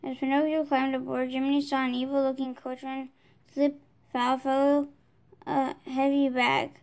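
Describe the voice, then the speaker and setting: A woman reading a children's storybook aloud, steady, with small restarts. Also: sits high, moderate pace. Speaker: storybook reader.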